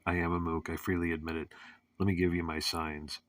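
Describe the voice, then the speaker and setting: A man's voice: deep voice, little pitch movement, a little fast, a bit bright, no echo, far from the mic. A man hosting a casual monologue show, rambling with many fillers and restarts, and cracking crude jokes. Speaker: host.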